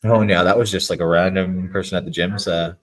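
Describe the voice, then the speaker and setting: A man's voice: low-pitched, fairly quick, low-quality recording. A man in his thirties, a guest athlete, talking casually and rambling in an interview with lots of filler words. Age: 30s. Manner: relaxed, rambling, many "like" fillers.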